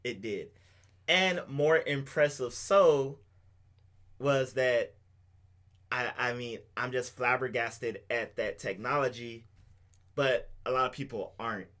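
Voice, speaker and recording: A man's voice: mid-range voice, slow, pauses often, a bit bright. A man co-hosting a podcast, explaining things at length with enthusiasm in a casual chat. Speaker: podcast co-host.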